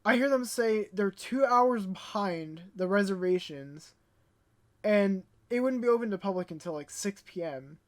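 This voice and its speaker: A young woman vlogging in a casual, animated storytelling way, stuttering when she gets worked up. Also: mid-range voice, measured pace. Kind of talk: casual ranting vlog.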